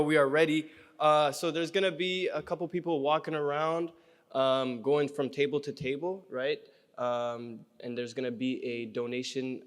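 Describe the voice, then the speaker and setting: A young man from Canada hosting a gala, doing stand-up and running an auction, teasing the crowd with energy. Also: medium pitch. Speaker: comedian and gala host. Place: large reverberant banquet hall. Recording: echoey hall sound.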